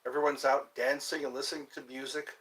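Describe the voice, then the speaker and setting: A man chatting alone on a livestream, rambling slowly from thought to thought with the odd laugh. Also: mid-range voice, flat delivery, fairly bright tone. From US East Coast. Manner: slow, meandering, talks to himself, laughs. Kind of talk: rambling solo livestream chat.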